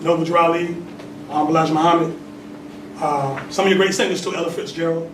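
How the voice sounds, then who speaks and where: A man in his forties teaches a congregation in a temple. His voice is high, and the mic sits far from him in an echoey hall with steady noise behind. He asks questions of the room and laughs between points. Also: brisk. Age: 40s. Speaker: religious teacher. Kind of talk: sermon with call and response.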